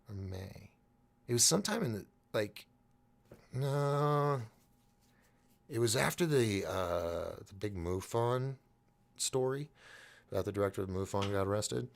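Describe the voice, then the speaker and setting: A man's voice: lowish voice, creaky. A man hosting a live stream in casual chat, rambling and restarting as he reads the chat aloud.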